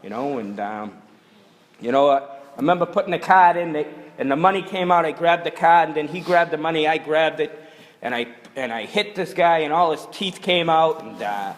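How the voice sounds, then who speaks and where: A man's voice: fairly high pitch, normal speed, in a large hall. A middle-aged man telling his recovery story at a meeting, blunt and rambling, full of "you know.". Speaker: speaker sharing recovery story. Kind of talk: personal testimony at a recovery meeting.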